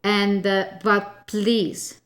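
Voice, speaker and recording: Slow, emphatic woman voice coach. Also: mid-range voice, little pitch movement. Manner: emphatic, often tags "okay?" and repeats key points. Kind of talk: spoken voice lesson.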